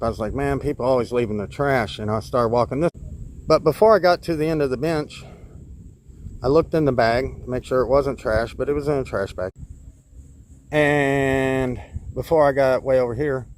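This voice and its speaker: A man's voice: mid-range voice, slight background noise. A man vlogging outdoors in a park, rambling through a story and pointing out spots as he goes. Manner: rambling, pointing out spots, acts out his own retorts. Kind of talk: casual storytelling to camera. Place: outdoors in a park, sitting on his bike.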